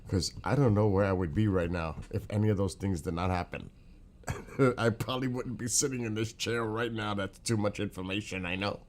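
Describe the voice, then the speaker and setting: A New York man with a clear New York accent and a very low voice hosts a casual morning livestream. He rambles in a loose, friendly way at normal speed, greeting viewers by name as he goes. A little hiss or hum is audible.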